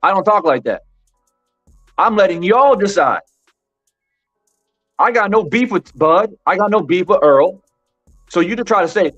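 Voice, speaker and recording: A man's voice: sits high, lively intonation, moderate pace, long pauses, a bit bright. A man hosting a live-stream boxing commentary show, talking emphatically to his chat, repeating his points and saying "bro" a lot. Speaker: boxing commentary channel host. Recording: dull lo-fi with faint music.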